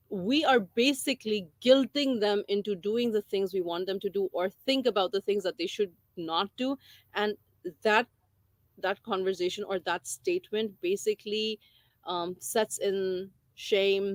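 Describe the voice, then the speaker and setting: A woman's voice: mid-range voice, unhurried, dry recording. Woman earnestly explaining parenting tips, dry sound. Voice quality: conversational, repeats phrases for emphasis. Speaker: parenting educator. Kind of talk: informal talk explaining a parenting book.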